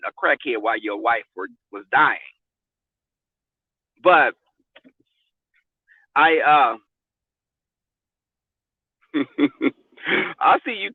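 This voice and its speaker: A man hosting a casual live stream, telling stories in a sassy, profane, animated way from a car. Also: on the high side, gravelly, breathy edge, no echo. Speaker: vlog host. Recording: tinny, phone-like, dry.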